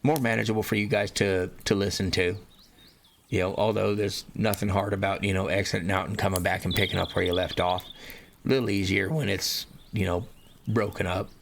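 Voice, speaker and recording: A man's voice: low voice, steady tone, brisk, creaky, a little hiss or hum. A man reading his own book as an amateur narrator, talking loosely, swearing casually and stumbling over repeated words into a desktop microphone at home. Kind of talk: casual, unscripted intro then book narration. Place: home recording setup, desktop audio.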